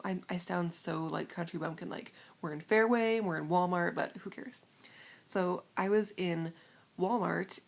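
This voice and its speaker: Gravelly, chatty woman from Iowa. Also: fairly low pitch. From Iowa, USA. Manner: animated, lots of "like" fillers. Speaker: vlogger. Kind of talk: casual storytelling.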